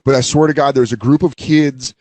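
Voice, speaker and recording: A man's voice: medium pitch, fairly even intonation, a little mellow, no room sound. A man hosting a casual podcast chat, swearing freely and acting out what others say, from Colorado. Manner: profane, jokey, quick to act out quotes. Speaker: podcast host, comedian.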